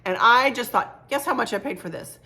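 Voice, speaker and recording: A woman's voice: fairly high pitch, a little fast, bright, forceful tone. A middle-aged woman chatting casually to camera about a shopping haul, chatty and gushing, often repeating herself. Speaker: home decor vlogger.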